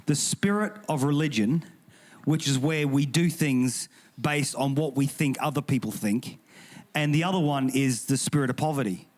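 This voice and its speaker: A man's voice: medium pitch, moderate pace. A man with an English accent, a pastor speaking on a panel, joking and emphatic, with frequent restarts. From England. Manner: humorous, emphatic and indignant, with repeated restarts. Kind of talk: panel discussion talk.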